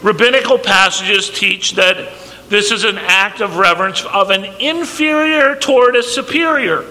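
Male preacher, high, very bright and forceful, emphatic delivery, reverberant hall. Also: unhurried. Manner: emphatic, acts out quoted dialogue. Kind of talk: sermon. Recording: long reverb, faint background noise.

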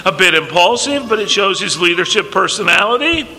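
Male preacher, high, very bright and forceful, emphatic delivery, reverberant hall. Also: lively intonation, fairly quick. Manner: emphatic, acts out quoted dialogue. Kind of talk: sermon. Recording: long reverb, faint background noise.

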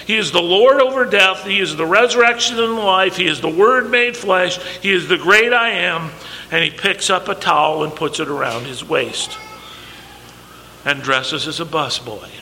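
Male preacher, high, very bright and forceful, emphatic delivery, reverberant hall. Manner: emphatic, acts out quoted dialogue. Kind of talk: sermon. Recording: long reverb, faint background noise.

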